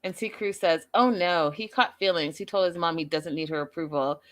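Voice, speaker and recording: A woman's voice: on the low side, fairly quick. A woman hosting a reality show recap stream, chatting casually with her live audience and laughing often.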